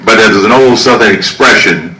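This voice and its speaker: A political candidate speaking at an outdoor campaign rally, emphatic and rousing, shouting his key lines. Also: on the low side, normal speed. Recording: echoey, distant mic, crowd noise. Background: crowd ambience.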